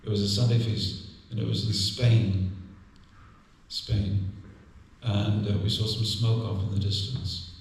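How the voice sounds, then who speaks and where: A man's voice: lowish voice, level tone, a little slow, a little hiss or hum. An older man giving a humorous, anecdotal sermon as a temple class speaker. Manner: humorous storytelling, chuckles often. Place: temple hall. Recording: echoey hall, distant mic.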